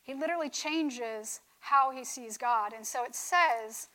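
Woman with a high voice, casual sermon talk, keeps saying right?. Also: unhurried, bright, forceful tone, low-quality recording. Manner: conversational, keeps asking "right?". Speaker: speaker on faith. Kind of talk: sermon-style teaching talk.

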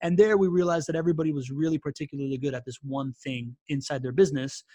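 A man guesting on a podcast, telling stories in an animated, casual way full of fillers and "right?" tags. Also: a little high, fast, dry recording. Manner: animated, filler-heavy, keeps asking "right?". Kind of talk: casual interview storytelling.

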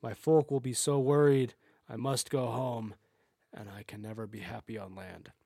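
A man's voice: mid-range voice, steady tone, normal speed, vocal fry, warm tone, no room sound, studio quality. A man voicing a young selkie woman of the seal folk, speaking in a pleading, tearful way.

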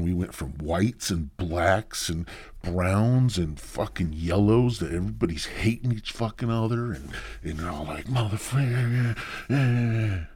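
A man hosting a podcast, riffing through a meandering, profane comedic monologue with lots of halting restarts, close to the microphone. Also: deep voice, a little mellow, slightly rough, no echo. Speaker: podcast host.

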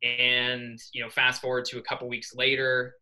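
This mid-range, normal-speed voice belongs to a young man from New York, an assistant swim coach appearing as a podcast guest. He tells a story with animated energy, acting out what people said, over a rough-sounding podcast mic.

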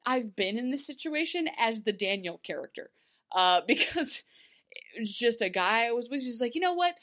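A woman's voice: on the high side, animated, moderate pace, fairly bright tone. A woman in her thirties co-hosting a casual chat, laughing often and acting out quotes in shifting voices. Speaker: podcast co-host.

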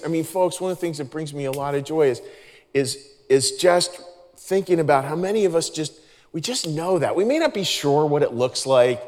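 Pastor preaching in an echoing hall. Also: male voice, on the high side, darkish tone. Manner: earnest and conversational, with frequent restarts. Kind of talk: sermon. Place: large church hall. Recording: reverberant church hall.

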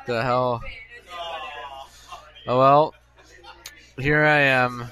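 A man hosting a casual podcast from a bar rambles through a long solo story, amusing himself and repeating things in a chatty way. He speaks at normal speed in a mid-range voice that sounds pushed and bright.

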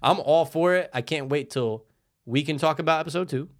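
A man's voice: a little high, a little fast. A young man co-hosting a podcast in loose, joking casual chat, full of "dude" and "bro". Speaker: podcast co-host.

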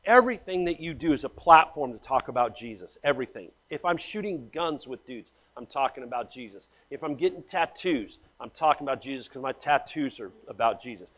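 Animated storytelling pastor, a man. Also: medium pitch, fairly quick, hardly any pauses. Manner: animated storytelling, swings between hushed and loud; blunt, slangy, calls listeners man and guys. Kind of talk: sermon.

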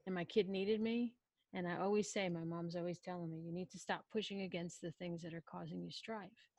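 Woman, casual storytelling, lively quoted lines, restarts often, dry close sound. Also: fairly low pitch, fairly quick, no echo. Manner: animated, acts out quotes, self-interrupting.

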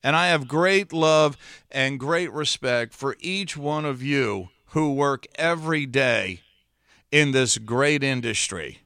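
A middle-aged man hosting a solo podcast in a trained broadcaster's voice, speaking earnestly and with long dramatic pauses. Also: medium pitch, sharp tone, clear, resonant tone, dry recording, clean studio sound. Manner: slow deliberate delivery with dramatic pauses; earnest, heartfelt. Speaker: podcast host.

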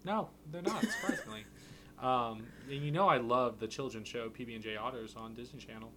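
A man's voice: medium pitch, fairly quick, bright, forceful tone, a little hiss or hum. A man co-hosting a podcast, chatting casually and sarcastically while recapping a musical. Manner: sarcastic, joking, puts on silly voices. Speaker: podcast co-host.

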